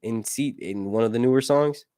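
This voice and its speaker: A man's voice: medium pitch, moderate pace, warm tone, clean tone, no echo, clean studio sound. A man casually reviewing a TV show on a live stream, rambling and cracking crude jokes.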